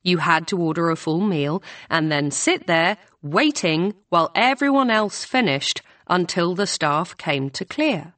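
Woman reading a novel, lowish voice, measured pace, dry close recording. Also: expressive, a bit bright, dry recording. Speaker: audiobook narrator. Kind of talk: scripted narration.

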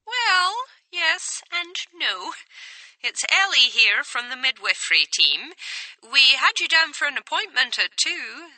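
A woman voicing a brisk, slightly irritated female midwife with a clipped, businesslike manner. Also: sits high, big pitch swings, bright, forceful tone, no room sound, recorded from a distance, voice pushed up, full character voice, poor audio.

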